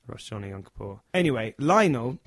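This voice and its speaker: A man telling a funny story in a casual chat, animated and acting out the people in it. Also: mid-range voice, quick pace, no room sound. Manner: animated, acts out the characters.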